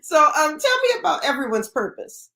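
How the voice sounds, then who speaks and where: A woman hosting an interview in a casual chat, encouraging her guest with short reactions and quick laughter. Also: high voice, big pitch swings, pushed and bright, poor audio. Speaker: host.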